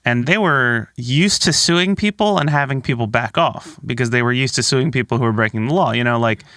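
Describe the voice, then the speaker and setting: Man, podcast co-host, casual storytelling, jokey, mid pitch, dry sound. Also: fairly quick, fairly bright tone, no room sound. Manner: storytelling, swears and jokes.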